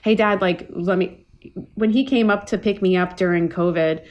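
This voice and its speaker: A woman's voice: mid-range voice, steady tone, normal speed. Chatty woman telling rambling stories. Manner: rambling storyteller, many fillers and restarts. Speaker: guest chef. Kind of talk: casual podcast chat.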